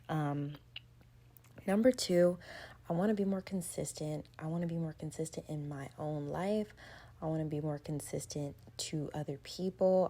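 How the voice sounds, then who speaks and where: Young woman vlogger, relaxed and chatty, warm low-pitched voice, candid sit-down talk. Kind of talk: casual sit-down chat about goals.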